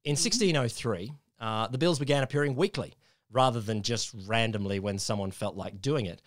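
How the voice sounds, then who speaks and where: An Australian man co-hosting a casual science podcast, explaining history in a halting way with many ums and restarts. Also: medium pitch, dry recording, clean studio sound. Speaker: podcast co-host.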